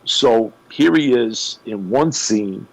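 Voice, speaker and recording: A man, a guest on a radio show, retelling a story in an animated way with emphatic pauses. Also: mid-range voice, no echo, low-quality recording. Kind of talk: conversational storytelling.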